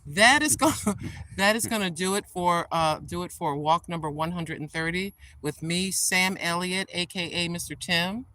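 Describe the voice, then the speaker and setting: An older woman hosting a walking vlog outdoors in a park, chatting in a rambling way and addressing viewers as ladies and gentlemen. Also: fairly low pitch, moderate pace, slight background noise. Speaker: vlog host. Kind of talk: casual walking vlog chat.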